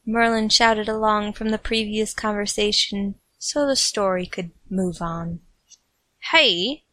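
A woman's voice: medium pitch, steady tone, a little slow, a bit bright, no room sound. A woman narrating a comic fan fiction story with playful, snarky asides.

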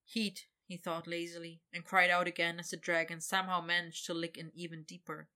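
Woman narrator, fairly low pitch but bright tone, steady intimate storytelling for an adult audio story. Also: brisk.

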